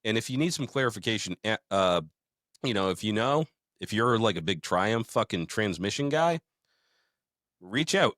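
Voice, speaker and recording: Low-voiced dude cohosting, cussing a lot, joking around, dry close sound. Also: male voice, animated, moderate pace, a bit bright, dry recording. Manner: profane, joking, reads listener mail aloud. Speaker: podcast co-host. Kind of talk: casual chat.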